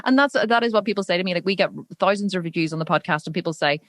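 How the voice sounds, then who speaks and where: Fast-talking Northern Irish woman host. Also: fairly low pitch, dry recording. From Northern Ireland. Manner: animated, rapid storyteller. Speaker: podcast host. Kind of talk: casual interview chat.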